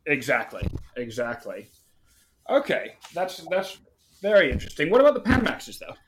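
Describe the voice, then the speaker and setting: A man's voice: fairly high pitch, huge pitch swings, normal speed, slight background noise. A man hosting a market podcast, chatting casually, agreeing readily and using frequent fillers. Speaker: podcast host.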